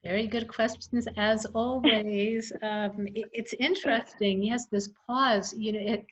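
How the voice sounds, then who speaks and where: A woman speaking as a guest expert on early childhood education in a casual webinar conversation, reflective and thoughtful with frequent pauses. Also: mid-range voice, fairly even intonation. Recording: slightly dull video call audio.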